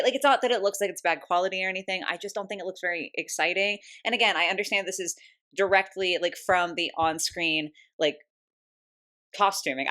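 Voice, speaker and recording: A woman's voice: medium pitch, a bit bright. A young American woman giving a casual, candid doll review, chatty and full of "like" fillers, hiccuping now and then. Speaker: doll collector vlogger. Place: home room.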